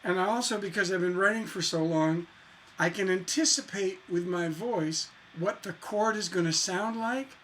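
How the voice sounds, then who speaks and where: A man teaching songwriting in a relaxed, chatty way, playing guitar and humming bits of melody as he explains. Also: high voice, moderate pace, slight background noise. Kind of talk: casual music lesson with guitar. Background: acoustic guitar.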